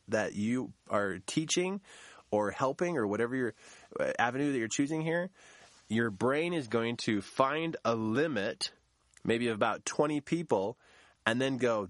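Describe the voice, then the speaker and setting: A man in the middle of a motivational talk, pressing each point with emphatic repetition. His voice sits at an ordinary pitch and sounds close and dry, with no room echo. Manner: emphatic, repeats key phrases. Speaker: business coach.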